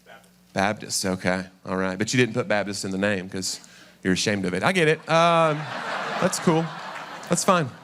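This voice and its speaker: A man with a Southern East Tennessee accent doing a chatty, self-deprecating stand-up set in a church, with quick asides. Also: fairly low pitch, noisy background. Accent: Southern American, East Tennessee. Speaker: stand-up comedian. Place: church sanctuary before a live audience.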